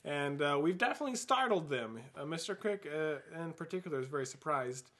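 A man's voice: a little high, sing-song, brisk, a bit bright. A man co-hosting a podcast, animatedly retelling an adventure book in casual chat, laughing often. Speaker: podcast host.

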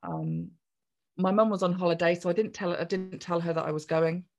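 A woman's voice: lowish voice, big pitch swings, a little fast, a little mellow. Chatty woman telling her story. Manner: chatty, jolly, acts out voices in quoted speech. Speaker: podcast guest. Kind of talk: personal storytelling in conversation.

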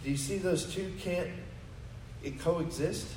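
A man's voice: sits high, slow pace, a little mellow, reverberant, recorded from a distance, a little hiss or hum, poor audio. A man preaching a sermon to his congregation, emphatic and full of rhetorical questions. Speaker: pastor. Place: church sanctuary.

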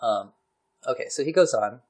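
A man hosting a casual talk, reading a historical article aloud with lively asides and laughs. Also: medium pitch, moderate pace, breathy edge.

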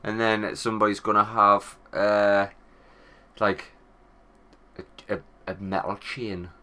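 Bright-voiced Northern English man. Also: fairly low pitch, slow pace. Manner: rambling, sweary, animated storytelling. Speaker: podcast co-host. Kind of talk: casual banter.

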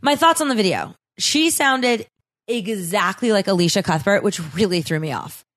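A woman's voice: mid-range voice, expressive, normal speed, fairly bright tone. A woman on a casual podcast, sarcastic and blunt, swearing freely while she rips into people. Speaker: podcast guest.

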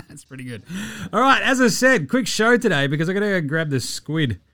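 A man's voice: high voice, very animated, moderate pace, bright, forceful tone. A man with an Australian accent hosting a sports podcast, chatting casually in a jokey, slangy, rambling way. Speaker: podcast host.

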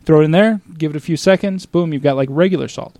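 A man's voice: fairly high pitch, quick pace, darkish tone, dry recording. A man co-hosting a casual podcast chat, rambling with restarts and jokey asides. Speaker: podcast co-host.

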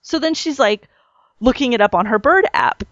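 A woman's voice: a little high, animated, moderate pace, fairly bright tone, no room sound, lo-fi sound. A woman hosting a casual chat, telling stories animatedly and laughing often.

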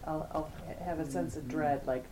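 Group participant, woman, fairly low voice, halting and repetitive delivery. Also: over a noisy crowd, poor audio. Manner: halting, repeating words as she searches. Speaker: workshop participant. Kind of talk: sharing in a group.

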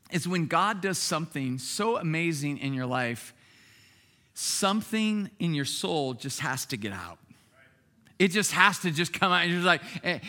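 A middle-aged man preaching a sermon as pastor, conversational and lively, with sudden bursts of excited shouting. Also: sits high.

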